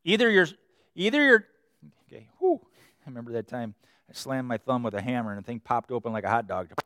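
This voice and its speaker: A man preaching a sermon with lively swings between loud emphasis and quiet tenderness. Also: mid-range voice, fast talker, no room sound, clean studio sound. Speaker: pastor.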